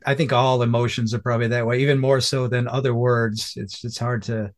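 A man's voice: mid-range voice, level tone, fairly quick. A man interviewing a musician, asking long, searching questions full of restarts. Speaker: interviewer, podcast host. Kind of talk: casual interview conversation.

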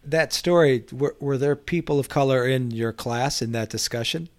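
A man's voice: medium pitch, normal speed. A man interviewing a teacher, asking careful, somewhat hesitant questions.

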